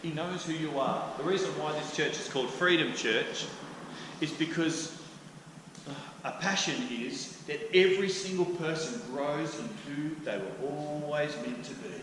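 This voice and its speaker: A man preaching a sermon as pastor, animated and acting out quoted voices loudly. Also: a little high, measured pace. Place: church hall. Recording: echoey church hall with faint noise.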